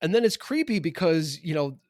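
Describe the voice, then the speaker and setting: High-voiced man chatting about music. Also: big pitch swings, fairly quick, darkish tone, no room sound, clean studio sound. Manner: enthusiastic, explains at length with many restarts. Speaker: podcast co-host. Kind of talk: casual music chat.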